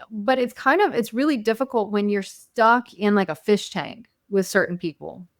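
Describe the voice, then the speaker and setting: A woman's voice: medium pitch, no room sound, studio quality. A woman guest on a podcast, telling personal stories in a reflective, earnest way. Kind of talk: casual conversation.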